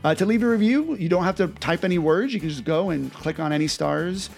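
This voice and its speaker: Man, podcast host, high voice, lively storyteller, faint music bed. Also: creaky. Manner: upbeat, animated storytelling with quick bursts.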